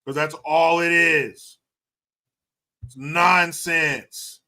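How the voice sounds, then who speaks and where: A man's voice: on the high side, steady tone, extremely slow, bright, forceful tone. A man hosting a livestream who reads out viewer messages and banters in a joking, profane, laid-back way. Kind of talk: casual chat.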